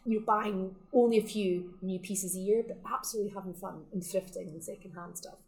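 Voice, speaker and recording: A woman's voice: mid-range voice, steady tone, a little fast, darkish tone, low-quality recording. A woman who runs a sustainable fashion shop, talking in a chatty, enthusiastic way and laughing often in a casual interview. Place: her shop in the Scottish Highlands.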